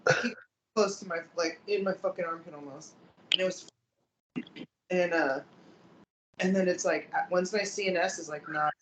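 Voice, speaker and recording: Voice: mid-range voice, fairly even intonation, moderate pace, long pauses, a bit bright. Co-host, rambling and profane; roomy sound with faint hiss. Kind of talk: casual chat.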